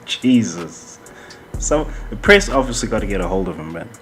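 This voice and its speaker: A man's voice: on the low side, very animated, fast, a bit bright, soft background music. A man hosting a casual commentary show, rambling and heated, swearing often and laughing between points. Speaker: podcast host.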